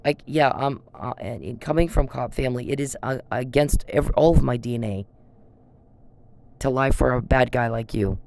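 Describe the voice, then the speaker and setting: A woman's voice: very deep voice, normal speed, gravelly, darkish tone, a little hiss or hum. A woman ranting straight at someone in a blunt, accusatory, profane vlog monologue. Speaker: vlogger. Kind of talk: angry direct-address rant.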